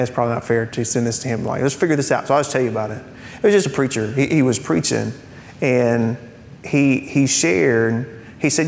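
A man preaching a sermon to a congregation, talking in a conversational way with rhetorical questions and light humorous asides. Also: creaky. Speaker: pastor. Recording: reverberant hall with faint rumble.

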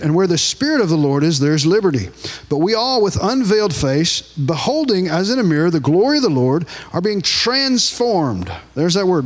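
A man preaching a sermon with a Louisiana accent, telling stories in an animated way and often repeating phrases. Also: sits high. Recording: long hall reverb.

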